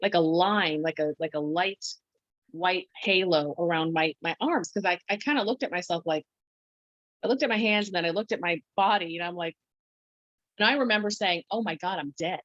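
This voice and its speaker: A woman guest on a podcast, telling her story in a halting way, full of restarts and quoted self-talk. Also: fairly low pitch, a bit bright, dry recording. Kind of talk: conversational storytelling. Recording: dull, lo-fi dry sound.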